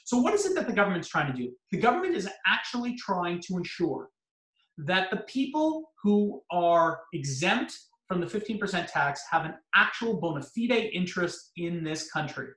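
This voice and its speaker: Speaking in a high, sing-song, slightly bright voice at a moderate pace, a male lawyer addresses real estate agents. His explanations take the form of questions he answers himself, and the room echoes.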